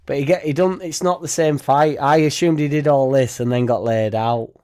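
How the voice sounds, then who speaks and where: A man's voice: on the high side, fairly even intonation, normal speed, darkish tone. A young man hosting a casual fan livestream, laughing often, swearing freely and rambling as he reacts and thanks viewers. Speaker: fan channel host.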